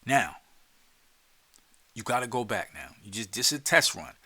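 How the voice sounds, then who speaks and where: A man's voice: mid-range voice, expressive, moderate pace, sharp tone. A man with a New Jersey accent hosting a podcast, talking listeners through a relaxation exercise in a loose, streetwise way, repeating words and sometimes dropping to a whisper. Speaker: podcast host. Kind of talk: casual guided instruction.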